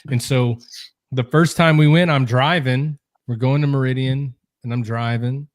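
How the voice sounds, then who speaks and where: Relaxed man chatting on a podcast. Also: mid-range voice, moderate pace, dry recording. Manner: relaxed, laughs along easily. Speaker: podcast host. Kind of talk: casual chat.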